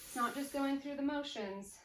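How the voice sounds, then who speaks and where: A woman's voice: high-pitched, moderate pace. A woman fitness instructor coaching a home workout while exercising, upbeat, counting down reps and cueing form, a little out of breath. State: slightly out of breath. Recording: echoey room, distant mic, faint noise.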